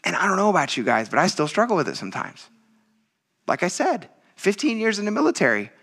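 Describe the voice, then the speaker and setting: A man's voice: high-pitched, quick pace. A man in his thirties preaching a conversational midweek sermon, telling stories and reading scripture aloud. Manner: conversational, animated storytelling with laughs. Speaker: pastor.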